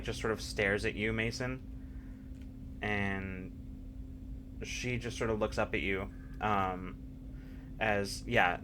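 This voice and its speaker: Slow, low-voiced male game master. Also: a little hiss or hum. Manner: halting, thoughtful narration. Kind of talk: narrating a tabletop game.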